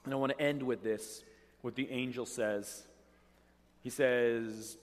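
A man delivers a sermon in a conversational, animated way, slipping into acted-out quotes. His voice sits at an ordinary middle pitch. Long reverb from the church hall trails behind him. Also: slow pace, long pauses. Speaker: pastor.

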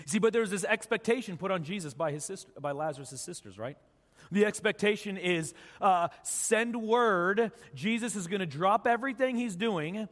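A man with a fairly high voice preaches a sermon. He tells the story casually and acts out what each person says. His voice rings with the long echo of a church hall. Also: lively intonation, moderate pace, fairly bright tone. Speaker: pastor.

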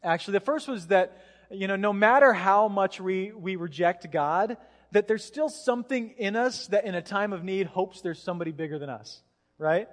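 A man, a pastor, preaching a sermon in a casual, animated storytelling way, acting out voices as he goes. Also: high voice, moderate pace. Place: church sanctuary. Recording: long hall reverb.

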